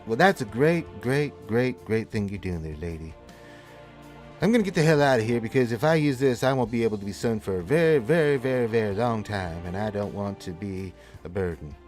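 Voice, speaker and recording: A man's voice: lowish voice, animated, brisk, faint music behind, lightly acted. A man voicing a tired, harried male servant of a goddess who rambles and repeats himself in a tabletop game. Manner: rambling, repeats words, loud.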